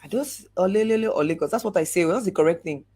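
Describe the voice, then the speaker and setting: A woman giving a lively motivational talk, acting out examples and drawing out words for emphasis. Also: lowish voice, slightly rough. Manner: animated, acts out examples, slow drawn-out emphasis. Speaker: speaker coaching on networking.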